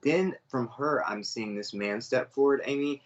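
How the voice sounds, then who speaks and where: A man's voice: mid-range voice, normal speed, dull audio. A man giving a live online psychic reading, earnest and chatty as he speaks straight to viewers. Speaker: psychic medium reader.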